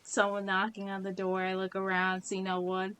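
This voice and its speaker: A woman's voice: mid-range voice, completely flat delivery, moderate pace, fairly bright tone, smooth. A woman streamer in casual chat while gaming, rambling with wry jokes.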